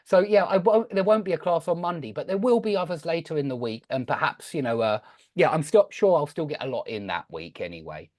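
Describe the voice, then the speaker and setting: A chatty male English teacher with a Southeast English accent bordering on RP, swinging his pitch up and down as he explains. He talks over a video call in a dry, close sound, often restarting his sentences. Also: lively intonation, fairly quick, a little mellow, no echo. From Southend, Essex, England. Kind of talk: online group class talk.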